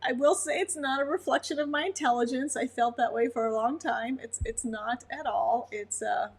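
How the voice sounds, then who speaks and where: A woman's voice: on the high side, normal speed, husky. A woman from Montana with a Montana accent, a dog breeder chatting casually on a livestream, laughing often and answering viewers' comments. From Montana, USA.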